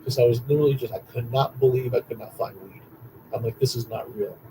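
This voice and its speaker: A young man telling stories in a rambling, excitable monologue, repeating himself and swearing often. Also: medium pitch, quick pace, noisy background. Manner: excitable, profane, repetitive storytelling. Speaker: vlogger.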